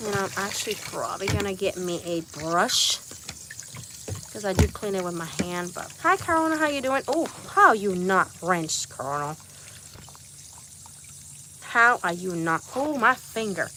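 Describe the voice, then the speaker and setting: A woman's voice: medium pitch, expressive, unhurried, pauses often. A woman hosting a casual livestream from her backyard chicken coop. She chats to viewers, repeats herself and coos to her animals. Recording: noisy outdoor phone stream.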